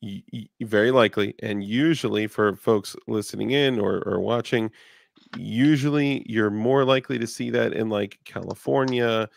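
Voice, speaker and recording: A man's voice: on the low side, normal speed, creaky, no echo. A male podcast host in casual chat, rambling and joking about himself. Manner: rambling, self-deprecating, joking.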